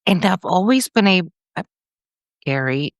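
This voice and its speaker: Low-voiced woman telling a story vividly. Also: expressive, a little slow, no echo, studio quality. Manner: tells the story vividly, acting out the dialogue with pitch jumps. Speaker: psychic medium guest. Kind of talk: animated storytelling in an interview.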